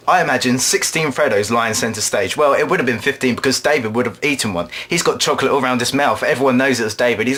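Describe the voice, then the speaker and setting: Rambling guy telling a silly story. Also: mid-range voice. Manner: rambling deadpan storytelling with quick put-on voices. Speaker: drama student performer. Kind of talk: absurd comic monologue.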